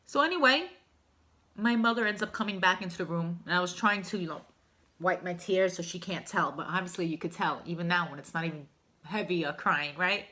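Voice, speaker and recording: A woman's voice: fairly low pitch, brisk, bright, forceful tone. A woman vlogger telling a personal story to camera in a candid, emotional, rambling way. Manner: emotional, heartfelt, rambling with fillers.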